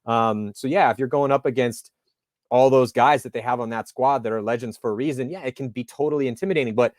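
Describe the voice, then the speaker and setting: A man hosting a casual sports interview, chatty and animated, telling stories in casual slang. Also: mid-range voice, fast talker, no room sound, studio quality.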